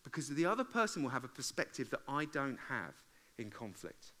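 A man, preaching a sermon to a congregation in a humorous, conversational way and acting out arguments with loud outbursts. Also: mid-range voice, big pitch swings, moderate pace. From England. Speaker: pastor. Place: church service before a congregation.

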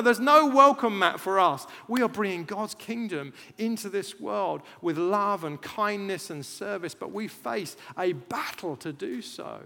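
A man preaching a sermon, animated, jumping loud for emphasis and acting out chants. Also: high-pitched, moderate pace, vocal fry, hardly any pauses. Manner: animated, rises loud for emphasis, acts out chants, laughs at himself. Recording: long hall reverb.

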